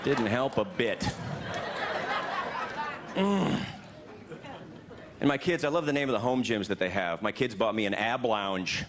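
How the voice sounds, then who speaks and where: A middle-aged man doing a stand-up comedy set, often jumping into high, silly shouted voices for his bits. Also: measured pace, long pauses. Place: theater stage with laughing audience. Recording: live show with crowd laughter and noise.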